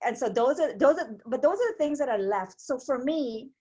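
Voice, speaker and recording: A woman, a stroke survivor telling her story as an interview guest in a rambling, animated way with many restarts. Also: sits high, moderate pace, husky, dull audio. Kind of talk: casual interview chat.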